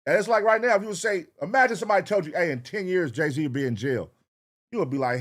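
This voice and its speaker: A man's voice: fairly high pitch, animated, quick pace. A man hosting a reaction show, talking casually and profanely straight to his viewers.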